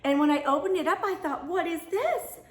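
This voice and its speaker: Middle-aged woman, high voice, gushing home vlogger, echoey room. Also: animated, a little fast. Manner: gushing, emotional, addresses viewers as "you guys". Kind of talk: casual chat to camera.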